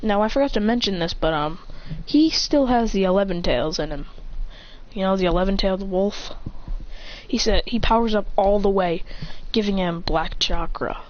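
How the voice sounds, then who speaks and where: A woman telling an improvised action fan story in a casual way, acting out gasps and shouted attack names between stretches of narration. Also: medium pitch, normal speed, muffled recording.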